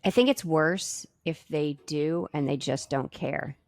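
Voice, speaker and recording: Low gravelly lady cohosting a chat show, thinks out loud, dry close sound. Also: measured pace, no room sound. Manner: reflective, thinks aloud with restarts. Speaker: podcast cohost. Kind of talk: casual chat.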